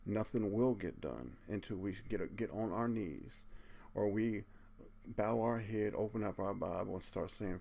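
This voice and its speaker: A man's voice: lowish voice, measured pace, vocal fry, mellow. A man giving an earnest, preachy monologue to his viewers, speaking bluntly, cursing casually and tacking "man" onto his sentences. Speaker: video channel host.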